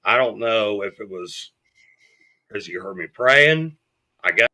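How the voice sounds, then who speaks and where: A man's voice: on the low side, lively intonation, a little slow, bright, forceful tone. A man as a podcast guest, telling his story bluntly and with lots of swearing, acting out what people said. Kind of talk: storytelling in an interview.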